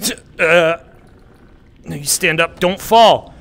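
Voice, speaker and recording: A male streamer giving casual gameplay commentary, excitable and swearing as he talks back to the game. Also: on the high side, slow, creaky.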